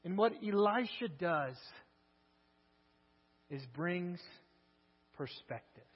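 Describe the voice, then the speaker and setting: Man preaching a sermon, high husky voice, conversational with rhetorical questions, long hall reverb, dull lo-fi sound, mains hum. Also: expressive, normal speed.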